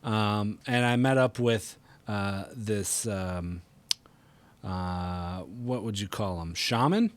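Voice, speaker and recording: A man's voice: on the low side, takes it slowly. A man with a mild Wisconsin accent, co-hosting a casual gaming podcast and telling tall tales with a straight face. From Wisconsin, USA. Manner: joking, tells tall tales deadpan. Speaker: podcast co-host.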